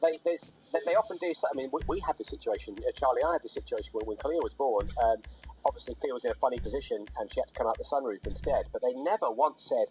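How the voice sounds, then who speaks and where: A man's voice: mid-range voice, quick pace, darkish tone. A man in his thirties, co-hosting a podcast in casual chat, telling rambling jokey stories with lots of restarts. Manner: joking, rambling storyteller with frequent restarts. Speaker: podcast co-host. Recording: noisy background hiss.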